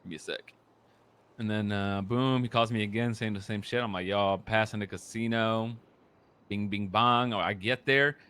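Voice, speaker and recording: A young man casually recounting a roleplay story, profane and animated, dropping into low mutters when quoting people. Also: normal speed, clean tone. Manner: profane, animated, quotes others in muttered voices.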